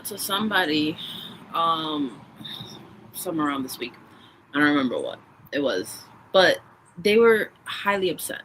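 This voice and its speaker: A woman's voice: medium pitch, slight background noise, poor audio. A woman co-hosting a podcast, casually telling stories and acting out the lines of the people in them. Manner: animated storyteller who acts out quoted dialogue. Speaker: podcast co-host. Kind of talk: casual chat.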